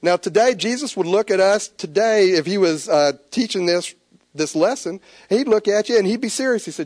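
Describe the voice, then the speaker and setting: Man, sermon, animated preaching, stammering restarts, fairly high voice, dry close mic. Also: normal speed, no room sound. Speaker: pastor.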